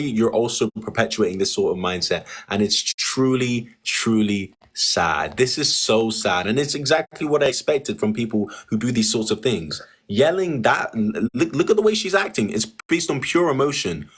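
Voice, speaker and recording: A man hosting a live online debate stream, talking in a calm, condescending way and repeating phrases slowly. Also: mid-range voice, breathy edge. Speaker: livestream debate host.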